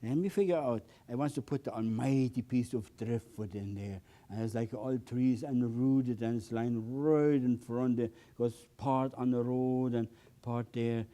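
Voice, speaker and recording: Older man, painting instructor, mellow tone, slow unhurried delivery, gushing exclamations, repeated words. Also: medium pitch. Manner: enthusiastic, exclaims often, repeats words, non-native phrasing. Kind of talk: painting demonstration.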